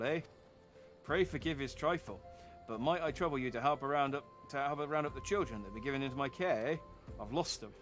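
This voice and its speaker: A man's voice: medium pitch, fairly bright tone, lightly acted. A man doing a hammy refugee leader who ends every line with "eh". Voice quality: tacks "eh" onto every line. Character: elderly-sounding male refugee leader with a mock Canadian "eh".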